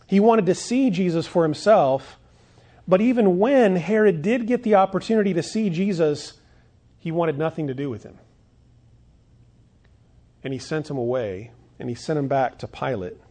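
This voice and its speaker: A male pastor with a fairly high but dark-toned voice preaches earnestly. He poses rhetorical questions to the congregation and builds toward emphatic declarations.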